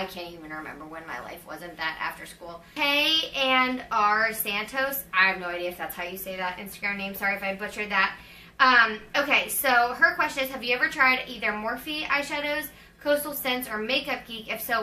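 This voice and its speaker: Woman, 20s, vlogger doing casual Q&A. Chatty, filler-heavy delivery, very bright tone, a bit distant from the mic. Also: on the high side. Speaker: vlogger answering viewer questions. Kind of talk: casual Q&A chat. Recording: roomy, slightly distant mic.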